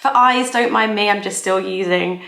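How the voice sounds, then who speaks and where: A woman's voice: medium pitch, normal speed, pushed and bright. A woman, chatting casually and giggling as she does her makeup for a get-ready-with-me vlog. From England. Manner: chatty, giggly, self-deprecating. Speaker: beauty vlogger. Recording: echoey room.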